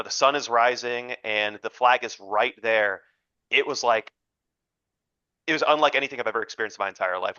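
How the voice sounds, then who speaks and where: A young man hosting a casual chat on a video call, relaxed and reassuring. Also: mid-range voice, dry recording. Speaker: podcast host. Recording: dull, dry lo-fi mic.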